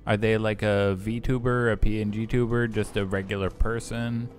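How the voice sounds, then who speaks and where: A man's voice: fairly low pitch, little pitch movement, normal speed, faint music behind. A young man casually commenting on his gameplay in a rambling, profane, joking way. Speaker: gaming streamer.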